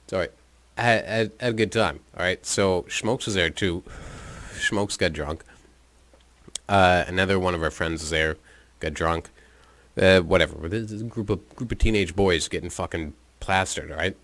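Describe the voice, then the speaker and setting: A man's voice: low-pitched, normal speed, fairly bright tone. A man telling a personal story in a rambling, profane, casual way into his own microphone, with chuckles and filler words. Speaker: podcast storyteller.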